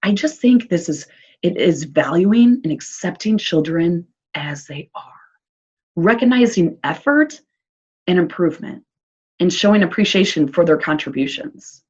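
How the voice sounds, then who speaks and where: A husky, a little mellow female voice, fairly low and expressive, delivers a slightly slow, upbeat talk to parents. The speaker is an early childhood social worker with a Midwestern American accent who chats encouragingly and leans on fillers. The recording of this presentation is dull and lo-fi.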